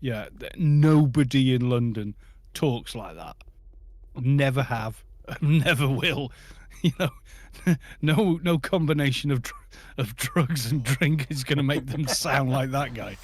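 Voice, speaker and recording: A man's voice: medium pitch, slow pace, no room sound. A man with a Scottish accent chatting casually with friends in a game voice chat, rambling and restarting his sentences. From Scotland. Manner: rambling, restarts often, chuckles. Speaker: gamer on a group voice chat.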